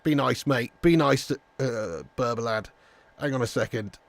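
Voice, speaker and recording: A man hosting a live football watch-along, excitable and sweary, laughing as he reads out viewer messages. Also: mid-range voice, a little slow, creaky, dry recording. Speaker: livestream host.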